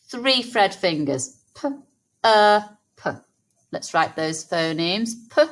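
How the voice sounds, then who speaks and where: Slow, lively woman teacher. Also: fairly low pitch. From England. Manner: slow, clear, sounding out words for young children. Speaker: primary school teacher. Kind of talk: early-years phonics lesson.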